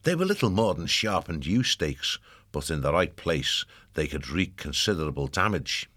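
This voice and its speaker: A man narrates an audiobook in a very low voice with a steady, measured pace. He is recorded close to the mic in a dry room with no echo. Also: slightly rough.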